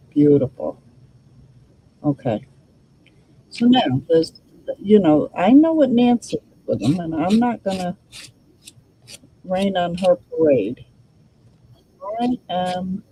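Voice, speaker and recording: A woman hosts a crafting session at her craft table, talking slowly and thinking aloud as she works. Her voice is dark and mellow but swings widely in pitch, with faint noise in the background. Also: low-quality recording. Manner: thinks aloud while working, chatty asides. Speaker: crafting channel host. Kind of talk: casual crafting demo, talking to viewers.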